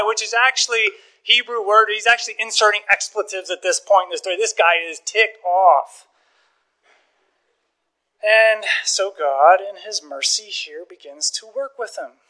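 A man preaching a sermon, telling stories with lively acted-out dialogue and frequent chuckles. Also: high voice, a little slow, low-quality recording. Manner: animated storytelling, acts out dialogue, chuckles often. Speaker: pastor.

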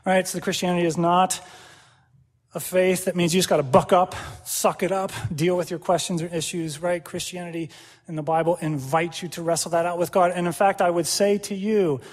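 A man preaching a sermon in an animated way, acting out quoted prayers and dialogue and laughing often. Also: high voice, brisk. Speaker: pastor. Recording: long hall reverb.

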